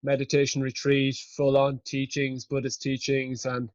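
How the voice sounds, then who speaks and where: A man hosting a podcast, telling a story in an animated way and swearing freely. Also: medium pitch, normal speed, no echo, muffled recording. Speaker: podcast host. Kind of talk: casual conversational storytelling.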